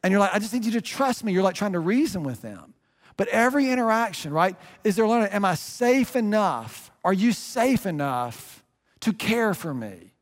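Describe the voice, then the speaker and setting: A man's voice: high-pitched, big pitch swings, moderate pace, long reverb tail. A middle-aged man preaching a sermon as a pastor, earnest and conversational, often restarting his phrases.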